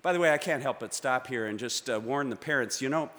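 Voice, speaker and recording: A man preaching a sermon from the pulpit, measured and dramatic, with pauses for effect. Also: mid-range voice, fairly bright tone. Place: church sanctuary. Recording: long church reverb.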